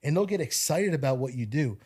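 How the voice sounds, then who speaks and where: A man talking on a podcast, lively and quick, with plenty of fillers as he gives advice. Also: on the high side, breathy edge. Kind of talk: casual podcast conversation.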